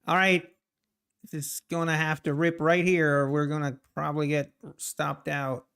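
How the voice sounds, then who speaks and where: A man's voice: fairly high pitch, flat delivery, normal speed, creaky, fairly bright tone, clean tone. A man streaming his trading live, talking to the chart and chatting with viewers between laughs.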